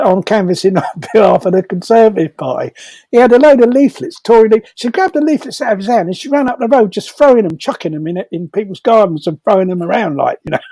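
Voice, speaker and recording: Older man, high-pitched, dry close sound; rambling, chuckling storyteller. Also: warm tone, no room sound. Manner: rambling, laughs often, many restarts. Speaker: storyteller at a comedy fundraiser. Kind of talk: casual anecdotal storytelling.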